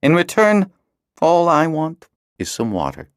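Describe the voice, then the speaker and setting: A man reading an audiobook, voicing a sly, nonchalant male schemer who speaks in a slow, agreeable drawl. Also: fairly high pitch, big pitch swings, no echo, clean studio sound, voice pushed up. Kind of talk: audiobook character voice.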